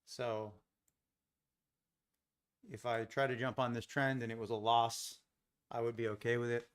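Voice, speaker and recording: A man from Los Angeles hosting a live day-trading stream, chatting casually with viewers in a relaxed, rambling way and chuckling often. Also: medium pitch, a little slow, smooth. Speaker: day trading livestream host. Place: home trading setup.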